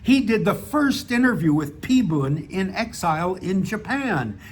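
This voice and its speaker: A man reads his own short story aloud in a relaxed, casual manner, now and then stumbling and restarting a phrase. His voice sits fairly high for a man. Faint noise runs underneath. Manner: relaxed reading with casual, self-deprecating asides and small restarts. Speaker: author reading his own stories. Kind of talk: audiobook narration of a short story.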